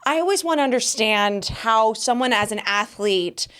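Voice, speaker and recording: A woman's voice: fairly high pitch, expressive, moderate pace, smooth. A woman co-hosting a podcast, interviewing a guest and sharing emotional personal memories in casual chat. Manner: warm, emotional, gushing interviewer. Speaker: podcast co-host.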